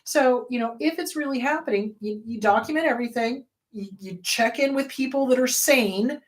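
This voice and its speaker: A woman therapist hosting a talk show, speaking candidly and bluntly, with sudden loud, high bursts when she quotes people. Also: moderate pace. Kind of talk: casual advice talk.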